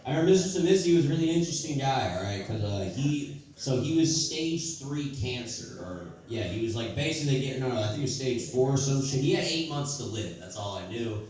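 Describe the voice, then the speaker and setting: A man's voice: medium pitch, animated, brisk, hardly any pauses, a little mellow. Guy doing crude rambly standup on a club stage, sounds far off in a super echoey room. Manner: rambling, crude, loose and self-mocking. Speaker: stand-up comedian. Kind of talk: stand-up set at an open mic. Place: comedy stage.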